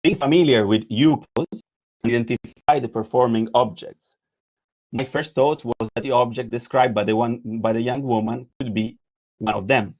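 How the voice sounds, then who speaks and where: A man's voice: mid-range voice, fairly even intonation, normal speed, a little mellow, highs cut off. Italian-accented man giving an art lecture. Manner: hesitant, with frequent fillers and restarts. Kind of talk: lecture presenting slides, partly read aloud.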